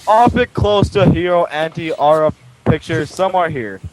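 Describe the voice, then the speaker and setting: A young man reading a jumbled text aloud on a home livestream, slow and halting, word by word. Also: on the high side, very noisy. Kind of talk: mock reading of a bio on a livestream. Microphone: computer mic on a home stream.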